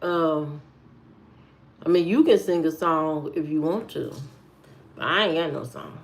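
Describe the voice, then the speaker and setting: A woman's voice: low voice, a little slow, gravelly. Female livestreamer, casual and playful, sassy running banter with the audience.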